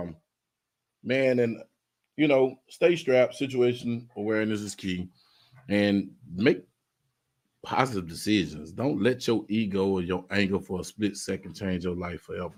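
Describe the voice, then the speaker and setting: Low-voiced laid-back man hosting. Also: moderate pace, darkish tone. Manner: laid-back, drawling and preachy when signing off. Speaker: host of a live stream show. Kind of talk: casual panel chat and sign-off.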